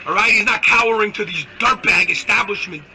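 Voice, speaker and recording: A man's voice: high-pitched, brisk, very noisy. A man delivering a brash, insulting political rant. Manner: brash, loud, insulting, animated ranting. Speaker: political commentator in a clip. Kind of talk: ranting political monologue.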